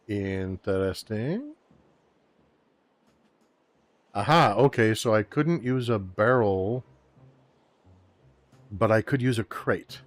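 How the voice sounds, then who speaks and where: A man voicing a young male hero as a pompous proletariat revolutionary with a deliberately bad French accent. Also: fairly low pitch, dry recording. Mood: haughty. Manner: grandiose, declamatory, talks to enemies. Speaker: game commentator. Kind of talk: let's play voice role-play.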